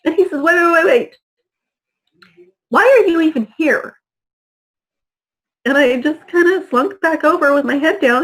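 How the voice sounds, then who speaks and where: High voiced mom telling her story in an interview, acts out who said what. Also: rough recording. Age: adult mother. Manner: vivid, acts out dialogue in her retelling. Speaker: interview guest. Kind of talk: emotional personal storytelling.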